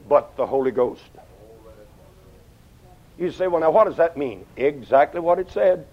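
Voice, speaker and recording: An older preacher delivering a sermon in a fairly high voice. He tells folksy stories and swings from ringing outbursts to hushed asides. The recording is dull and lo-fi. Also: lively intonation, measured pace, pauses often. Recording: dull lo-fi sound.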